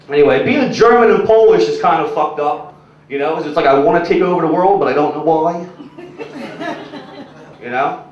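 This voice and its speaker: A man's voice: a little high, normal speed, pauses often. A young man doing a stand-up set, rambling and crude, full of "like" and "you know", talking to the crowd. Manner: crude, rambling, filler-heavy delivery. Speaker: stand-up comedian. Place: comedy club stage. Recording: echoey, muffled room recording from a distance.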